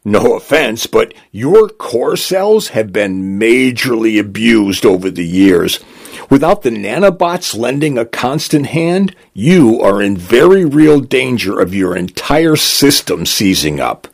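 A man voicing a calm, matter-of-fact lawyer who explains things with a slightly prissy patience. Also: medium pitch, slow pace, gravelly, heavily acted. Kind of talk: storytelling narration.

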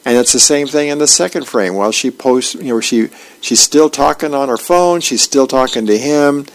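Volunteer guy reading the newspaper on air, gravelly voice, little stumbles. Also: medium pitch, normal speed, rough recording. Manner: steady read-aloud with small stumbles.

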